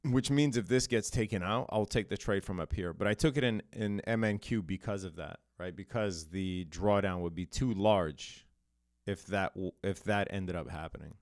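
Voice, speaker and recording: Low-voiced man streaming live trades. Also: normal speed, no echo, studio quality. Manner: chatty, reads chat aloud, laughs it off. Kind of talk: casual live-stream commentary.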